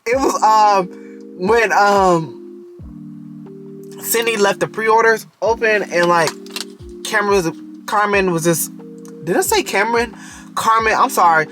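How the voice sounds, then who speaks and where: A man's voice: high voice, a little slow, pauses often, a bit bright, soft background music. A man casually reviewing a TV show in a video, talking straight to the characters and often breaking into giggles.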